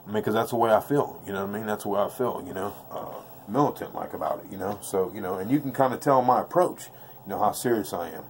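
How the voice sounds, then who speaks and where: A craps dice-control instructor with a voice on the low side speaks at a quick pace, a little hiss or hum audible, and stays off camera so his face is never shown. His casual, slangy dice-throwing tutorial is intense and blunt, and he repeats his points.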